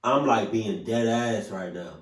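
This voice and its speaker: A man's voice: on the low side, a little slow, recorded from a distance. A man hosting a reaction video, talking emotionally and swearing often. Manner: emotional, swears often, sudden loud outbursts. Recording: roomy echo, voice set back from mic.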